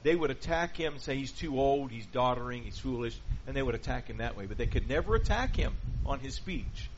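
A man's voice: medium pitch, expressive, brisk. A man preaching in a conversational teaching style, checking in with his listeners through rhetorical questions. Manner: peppers points with rhetorical "okay?" and "right?". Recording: dull lo-fi recording with faint background noise.

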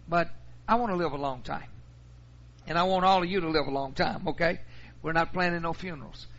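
Gravelly pastor, folksy sermon. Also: male voice, on the high side, fairly bright tone, dull audio, slight background noise. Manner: folksy storytelling.

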